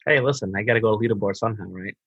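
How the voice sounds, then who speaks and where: A man co-hosting a gaming podcast, relaxed and laid-back, talking with a sore throat. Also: fairly low pitch, rapid-fire, husky, no room sound, muffled recording. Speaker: podcast co-host. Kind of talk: casual chat.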